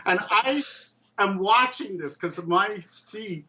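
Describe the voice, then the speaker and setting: An older man talks casually about his work in puppets and toys, slipping into quoted voices as he tells a story. His voice sits a little higher than most men's, and he speeds up when the story gets lively. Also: slow, crowd noise. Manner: animated storyteller who acts out quoted voices. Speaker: puppet and toy designer being interviewed. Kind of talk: casual anecdote telling.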